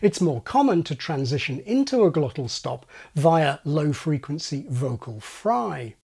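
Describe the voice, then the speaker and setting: A man's voice: fairly high pitch, very animated, unhurried, vocal fry, a little mellow, breathy edge. A man hosting an educational video, explaining speech with wry asides. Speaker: channel host explaining speech.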